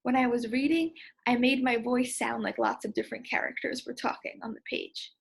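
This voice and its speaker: A woman teacher explaining and demonstrating expressive reading aloud in a reading lesson. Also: fairly high pitch, normal speed, creaky, husky.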